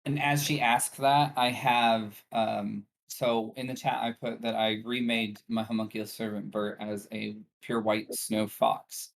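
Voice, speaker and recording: A man's voice: fairly low pitch, level tone, unhurried, gravelly, few pauses. A man playing a tabletop game, speaking in a composed, matter-of-fact way. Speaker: player. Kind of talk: tabletop role-play.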